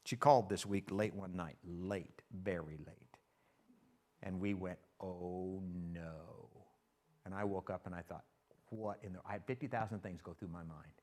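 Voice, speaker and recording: A man's voice: low-pitched, normal speed. An older man preaching a casual, story-driven sermon as pastor, acting out conversations from his own life. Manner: folksy, animated, quotes people in his stories.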